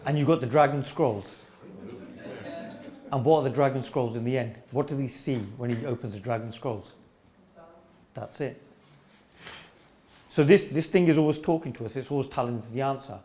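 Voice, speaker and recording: A man's voice: medium pitch, mellow. A man leading an informal spiritual discussion with an audience, teasing and telling stories in a playful way. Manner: playful, teasing, quick storytelling. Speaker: spiritual teacher in a group talk.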